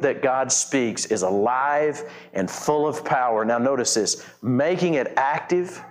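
A middle-aged male pastor preaching a conversational sermon, full of restarts, repetitions and rising emphasis. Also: mid-range voice.

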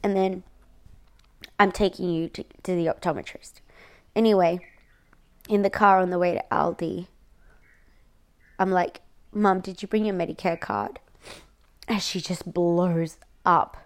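A woman's voice: on the low side, fairly even intonation, measured pace, long pauses. Frustrated Australian woman venting to camera. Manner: venting, frequent swearing and "like" fillers. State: near tears, voice breaking. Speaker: vlogger. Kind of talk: emotional personal vlog.

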